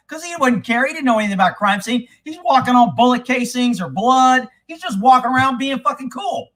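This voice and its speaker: High-voiced man telling rowdy stories. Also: brisk, few pauses. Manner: animated, swears often, acts out quoted people. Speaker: podcast host telling stories. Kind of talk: casual profane storytelling.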